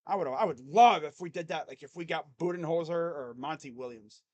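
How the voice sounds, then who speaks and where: A man giving casual live play-by-play reaction to a basketball game, jumping between loud excited calls and low muttered grumbling as a rambling fan. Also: a little fast. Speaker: sports YouTuber doing live play-by-play.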